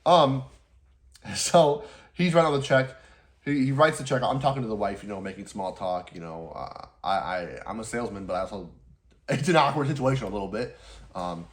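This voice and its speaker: A young man who runs a lawn care business tells a story casually in a lowish voice at a moderate pace. He rambles, laughs often and swears now and then.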